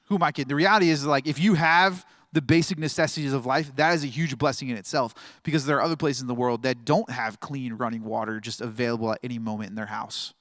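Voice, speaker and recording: A male pastor in his thirties delivers a loose, chatty sermon full of jokes, tangents and laughter. His voice sits a touch high for a man. The sound is dry and close, with no room around it. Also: fairly bright tone, no echo. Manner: chatty, joking, laughs often, rambling.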